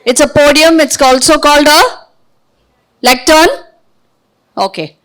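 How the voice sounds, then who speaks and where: A woman running an interactive training session for a live audience, giving directions and quizzing them with quick questions. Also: high voice, fairly bright tone. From India. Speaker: workshop trainer. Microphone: podium microphone.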